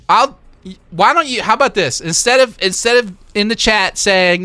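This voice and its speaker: A man hosting a casual livestream, reading chat and reacting in an animated, hype-driven way with lots of filler words. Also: high-pitched, a little fast, no room sound, soft background music. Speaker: livestream host.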